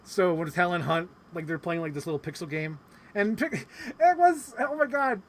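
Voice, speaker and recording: Chatty man, slightly high voice. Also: normal speed, a little hiss or hum. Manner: animated, rambling, swears often, heavy use of "like". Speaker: podcast host. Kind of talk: casual chat recapping a convention.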